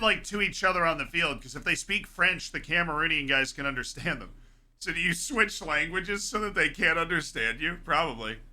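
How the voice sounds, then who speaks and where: A young man streaming a live football watchalong, chatting casually and reacting excitedly to the play. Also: medium pitch. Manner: chatty, excitable, yells at big plays.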